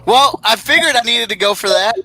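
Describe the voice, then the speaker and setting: Bright, easygoing show host. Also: mid-range voice, expressive, fairly quick, poor audio. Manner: brief, easygoing replies. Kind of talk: casual chat.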